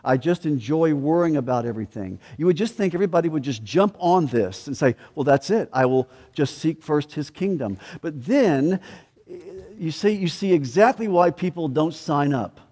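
Male pastor, emphatic sermon delivery, voice a touch higher than usual, reverberant church. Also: animated, normal speed, darkish tone. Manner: emphatic preaching, rising and dropping in volume.

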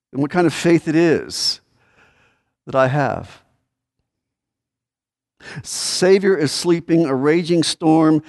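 Preaching a conversational sermon, a male pastor fires rhetorical questions at the room and acts out desperate pleas. He swings between those raised, pleading lines and quiet, low asides.

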